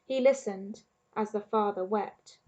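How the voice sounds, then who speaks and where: A woman teacher with an English accent reading a storybook aloud to her class in an expressive, measured way. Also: mid-range voice, dull audio. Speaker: primary school teacher.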